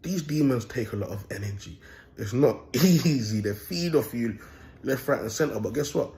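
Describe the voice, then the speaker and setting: A man's voice: medium pitch, lively intonation, brisk, darkish tone. Rambling young man vlogging. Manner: rambling, boastful, slangy, repeats himself. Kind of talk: casual monologue to camera.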